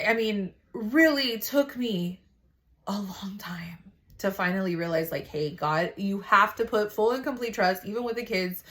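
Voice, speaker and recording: A woman's voice: mid-range voice, a bit bright. Woman, casual spoken testimony, rambling, peppered with "like", blunt swearing. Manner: rambling, heavy use of "like", frank with swearing. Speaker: mother sharing a faith testimony.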